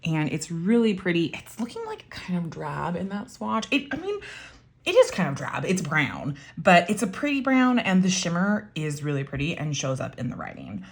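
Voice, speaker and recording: A woman with a low voice talks her way through a show-and-tell, chatty and enthusiastic, full of likes and ums. Her voice has a gravelly fry that gets a bit froggy. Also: very animated, normal speed. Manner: chatty, enthusiastic, many fillers. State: voice getting froggy. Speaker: pen and ink vlogger. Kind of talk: casual show-and-tell while writing.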